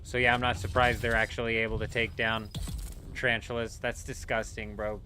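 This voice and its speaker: Bright-voiced casual male streamer. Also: on the low side, brisk. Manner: animated storytelling, swearing, calls chat "bro" and "dude". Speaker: gaming livestreamer. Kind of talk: casual live-stream chat. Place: home.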